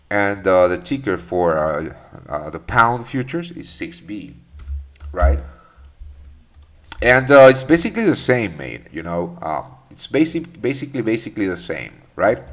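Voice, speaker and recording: A man hosts a live trading session, walking viewers through his charts. His deep voice rises and falls a lot as he rambles, restarts sentences and drops fillers. He speaks casually and calls viewers mate. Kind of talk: live market commentary and Q&A.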